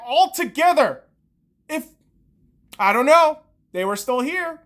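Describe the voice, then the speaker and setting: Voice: sits high, lively intonation, slow pace, pauses often, a bit bright. Foul-mouthed solo podcast host ranting. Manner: heavy swearing, heated ranting. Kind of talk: solo sports rant. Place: room, alone.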